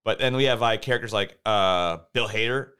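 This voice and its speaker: A man's voice: fairly low pitch, normal speed, pushed and bright, clean tone. A man in casual chat, rambling with many restarts and laughing as he recalls a show.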